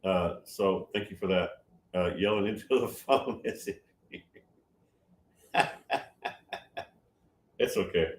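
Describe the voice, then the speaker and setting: An older man in his seventies talks through viewer comments on his stream. He gets loud when he's excited and often stops to restart his sentences. His voice sits a bit low, and the room around him echoes. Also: slow, pauses often. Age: 70s. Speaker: livestream host answering chat. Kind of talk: casual livestream talk.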